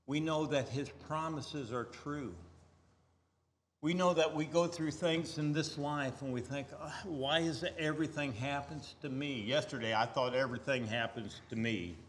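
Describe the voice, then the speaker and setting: A man preaching a sermon, emphatic, swinging from loud stressed lines to quiet asides. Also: medium pitch, big-room sound, slight background noise.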